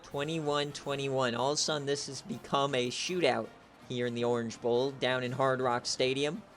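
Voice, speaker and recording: A young man giving play-by-play commentary on a video game football stream, excitable and shouting on big plays. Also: medium pitch, moderate pace, faint music behind. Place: home setup, streaming.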